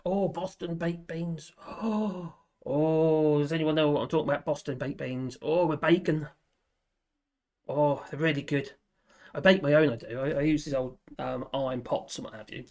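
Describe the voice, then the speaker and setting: A man rambles through a relaxed live-stream chat, his voice pitched a little high. He laughs often, drifts from topic to topic and lets his sentences trail off as he reads viewer comments. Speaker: livestream host.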